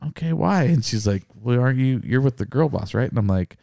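A man's voice: medium pitch, brisk, creaky, dark tone, dry recording, clean studio sound. A man co-hosting a podcast who tells stories animatedly, swearing and acting out quotes. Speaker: podcast co-host. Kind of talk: casual storytelling chat.

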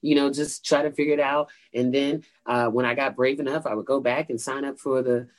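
Animated woman telling a comedy story. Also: fairly quick. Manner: animated, acts out quotes with big pitch jumps. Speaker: stand-up comedian, guest. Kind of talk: storytelling interview.

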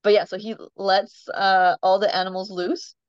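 A chatty woman tells farm animal stories in a relaxed interview, with frequent laughs and easy "um"s. The sound is dry and a little muffled, with no room echo. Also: medium pitch, normal speed. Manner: chatty storyteller, laughs often, many ums. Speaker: farm animal owner, guest. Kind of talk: casual interview chat.

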